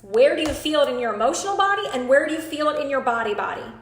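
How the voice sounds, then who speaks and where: Brief: high-pitched woman coach in her thirties, earnest live class over a call, roomy echo. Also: animated, fast. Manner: earnest, emphatic, talks straight to the group. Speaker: coach leading an online class.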